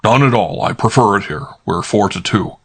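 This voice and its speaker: A man's voice: lowish voice, lively intonation, moderate pace, husky. A man voicing an authoritative older male detective in an audiobook, formal and precise. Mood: commanding. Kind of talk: audiobook character voice.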